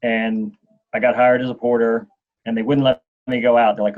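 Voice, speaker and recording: A man in his forties, a guest telling a long anecdote in an interview, animated and acting out what others said. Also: mid-range voice, normal speed. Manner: animated storyteller, acts out quotes. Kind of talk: storytelling in an interview. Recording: dull lo-fi sound.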